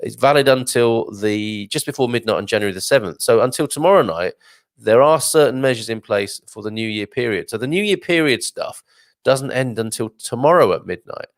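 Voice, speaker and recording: A man's voice: medium pitch, lively intonation, brisk, dry recording, studio quality. A man hosting a casual live stream, chatting and reading out viewer comments with lots of fillers and asides. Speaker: live show host.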